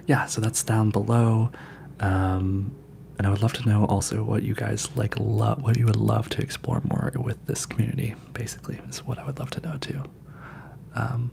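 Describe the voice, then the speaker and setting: A man hosting a livestream, chatting in a soft, mostly whispered ASMR voice and rambling with many fillers. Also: mid-range voice, creaky, slight background noise. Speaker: ASMR channel host.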